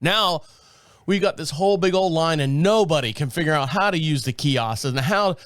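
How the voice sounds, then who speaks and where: A man's voice: on the high side, moderate pace, no room sound, studio quality. A man hosting a podcast, telling a casual story with lots of swearing and laughter. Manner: animated, profane, laughs often. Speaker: podcast host.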